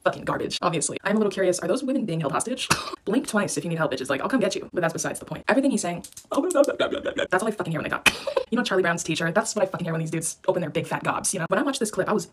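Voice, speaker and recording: A woman's voice: on the low side, expressive, racing, background noise. A woman content creator delivering a brash, sassy, profane comedic rant to camera, laughing often.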